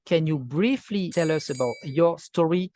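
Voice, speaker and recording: A man hosting an interview show, introducing his guest and asking questions in a friendly, slightly halting way. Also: fairly high pitch, a little mellow, slight background noise. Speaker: host.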